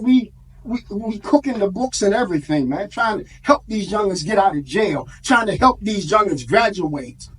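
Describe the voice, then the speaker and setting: A man's voice: sits high, expressive, moderate pace, slightly rough. A man giving an impassioned speech to a live audience, preacherly, with call-and-response and street vernacular. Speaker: community organizer speaking at an event.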